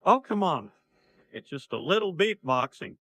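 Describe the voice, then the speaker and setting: A blunt small-town dad. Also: male voice, a little high, big pitch swings, normal speed, a bit bright, breathy edge, no echo, full character voice. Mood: plain. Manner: blunt, plain-spoken. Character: gruff middle-aged small-town dad. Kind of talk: synthetic parody cartoon voice.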